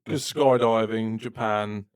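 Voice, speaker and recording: A man's voice: fairly low pitch, fairly even intonation, slow, clean tone, dry recording. A man co-hosting a casual podcast, trading dry, wry quips. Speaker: podcast co-host. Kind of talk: casual chat. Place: home podcast setup, indoors.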